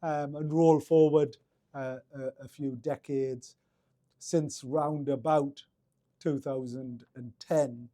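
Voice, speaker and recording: A man's voice: medium pitch, fairly even intonation, slow, warm tone, no room sound, clean studio sound. A middle-aged man with a Geordie accent, telling his story in a casual interview, rambling with many restarts and fillers. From Northeast England. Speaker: guest.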